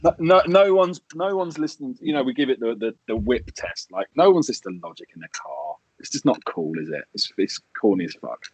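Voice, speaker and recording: A man co-hosting a podcast, chatting in a sweary, animated way and laughing as he talks. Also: mid-range voice, fairly quick, hardly any pauses, breathy edge, no echo, poor audio. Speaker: podcast co-host. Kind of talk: casual chat.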